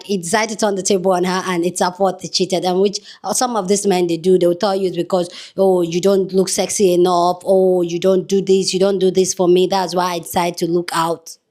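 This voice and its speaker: A woman's voice: on the low side, a little mellow. Woman hosting her vlog, chatty, talks straight to viewers, easy casual flow. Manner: chatty, rapid asides to viewers. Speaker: vlog host.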